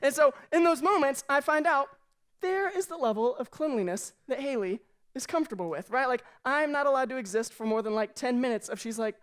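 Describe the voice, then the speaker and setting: A young adult man and youth pastor preaching a humorous youth sermon, telling animated stories and acting out the voices of the people in them. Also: very high voice, a little fast, clear, resonant tone. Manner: animated storytelling, acts out quoted voices.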